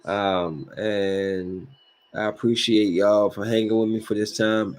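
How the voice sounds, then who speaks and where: A man with a lowish voice rants slowly and casually on his own podcast. He has kids, talks in an animated way, and keeps repeating phrases while dropping in lots of "like" and other fillers.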